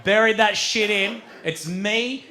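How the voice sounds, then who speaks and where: A man telling a long story on stage as a stand-up comedian, swearing freely and getting animated. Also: sits high, slow pace. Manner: animated, swearing, building to shouts.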